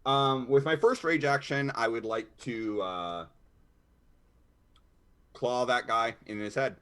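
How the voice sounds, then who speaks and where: A man's voice: medium pitch, slow, bright, forceful tone, clear, resonant tone. A man playing in a tabletop role-playing game, talking casually and easygoing about his character's actions. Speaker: player.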